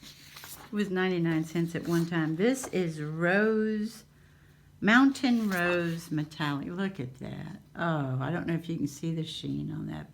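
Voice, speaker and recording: A woman shows off craft supplies in a casual, unhurried way. Her voice sits a little low, and she gushes and coos over each piece she holds up. A faint hiss sits under her voice. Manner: gushing, cooing over items. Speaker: craft channel host. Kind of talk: casual haul show-and-tell.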